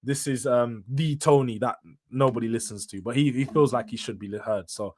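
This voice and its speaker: A man's voice: medium pitch, moderate pace, a little mellow. A young man, hosting a casual solo football review; blunt and opinionated, full of slang, firing off questions and answering them himself. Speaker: football channel host.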